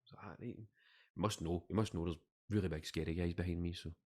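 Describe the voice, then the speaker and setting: A man's voice: deep voice, steady tone, quick pace, a little mellow. A Scottish man co-hosting a podcast, rambling and joking in casual chat. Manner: rambling, jokey, trailing off. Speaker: podcast co-host.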